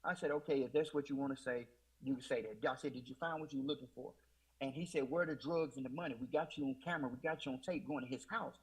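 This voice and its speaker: The recording is rough, and the man on it speaks fast in a slightly rough, medium-pitched voice. A guest, he tells his faith testimony emotionally and repetitively in Southern US Black church speech, often repeating "I said" as he quotes himself.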